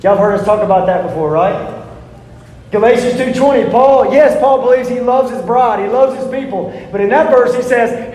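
High-voiced pastor preaching in a hall. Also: male voice, moderate pace, darkish tone. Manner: earnest, emphatic, repeats key words, asks the congregation questions. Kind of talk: sermon. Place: church sanctuary. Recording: echoey hall, long reverb.

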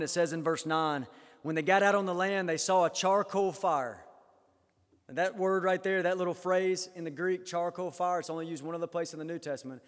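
A high-pitched man delivers a sermon, lifting his voice loud on the scripture he quotes and falling low and quiet on his own remarks. His words ring out with a long reverb, as if across a large church sanctuary. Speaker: preacher.

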